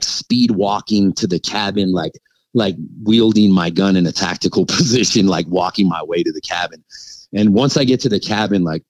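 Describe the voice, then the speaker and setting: As a podcast guest, a middle-aged man with a very deep voice tells his story casually and animatedly, piling up fillers like "like" and chuckling from time to time. The recording is close, dry and rough.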